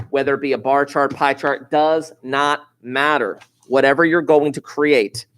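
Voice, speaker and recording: Guy teaching stats in a classroom, mid pitch, laid back, repeats the important stuff slow. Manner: repeats key points slowly for emphasis; informal, offhand asides. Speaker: high school statistics teacher. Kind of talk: classroom lecture.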